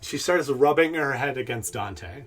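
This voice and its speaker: A man's voice: mid-range voice, animated, unhurried, a bit bright, soft background music. A man running a tabletop game as game master, narrating in a loose, hesitant way with fillers.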